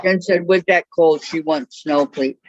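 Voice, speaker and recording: A woman's voice: low voice, unhurried, a little mellow. A woman joining a craft class from home, chatting casually over a video call and often trailing off mid-thought. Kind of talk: casual chat while crafting. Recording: dry, muffled video call audio.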